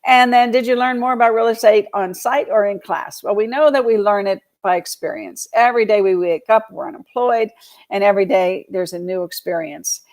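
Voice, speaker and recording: A woman's voice: mid-range voice, brisk, a little mellow. A woman from Georgia hosting a casual live show on real estate, chatty and rambling, with many fillers and laughs. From Georgia, US South. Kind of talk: casual live-stream talk.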